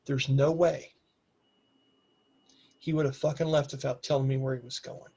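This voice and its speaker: A woman's voice: very deep voice, little pitch movement, normal speed, mellow, breathy edge, highs cut off, exaggerated voice. A man voicing a sassy, furious young barmaid who gives threatening orders.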